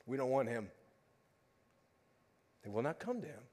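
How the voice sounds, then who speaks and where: A male pastor preaching a sermon to a congregation, pleading and impassioned, swinging between loud emphasis and hushed asides. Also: mid-range voice, big pitch swings, moderate pace. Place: church before a congregation.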